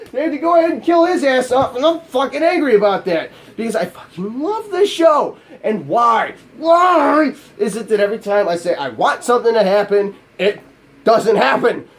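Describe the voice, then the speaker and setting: A man with a high voice, for a man, rants on camera as a gaming YouTuber. He swears constantly and sounds exasperated, then turns on himself with mocking asides. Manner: profane, exasperated ranting; self-mocking. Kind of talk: angry vlog rant.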